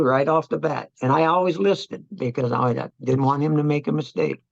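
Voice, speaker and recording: Older veteran interviewee, gravelly, reflective, halting delivery, dull close recording. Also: male voice, mid-range voice, dry recording. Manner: halting, reflective, many restarts. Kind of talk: oral history interview.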